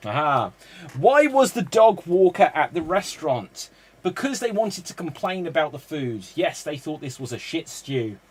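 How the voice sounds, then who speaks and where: A man hosting a live streamed improv show, brisk and jokey as he runs the games. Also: fairly high pitch, big pitch swings, husky.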